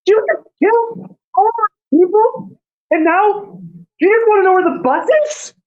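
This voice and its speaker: GM putting on a high, indignant woman survivor at her limit; tabletop game. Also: very animated, unhurried, phone-quality sound. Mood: screaming. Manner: outraged, pleading. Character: distraught adult woman survivor, angry and overwhelmed. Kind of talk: tabletop role-play.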